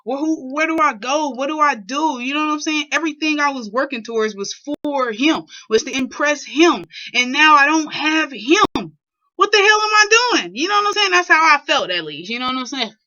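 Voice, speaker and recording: A woman's voice: high voice, lively intonation, moderate pace, few pauses, pushed and bright, muffled recording. A young woman vlogger telling a personal story in a rambling, casual way full of fillers. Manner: rambling, filler-heavy, keeps asking "you know what I'm saying".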